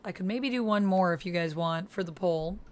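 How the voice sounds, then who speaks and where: A woman's voice: fairly low pitch, moderate pace. A woman streamer chatting casually during a gaming stream, reading viewer comments aloud and answering them supportively. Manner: encouraging, supportive. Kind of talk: casual live-stream chat while gaming.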